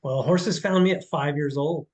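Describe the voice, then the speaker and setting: Rambling, easygoing man with a higher voice. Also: moderate pace, poor audio. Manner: rambling, repeats words, says "man" and "dude". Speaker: podcast guest, horse trainer and life coach. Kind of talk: casual podcast conversation.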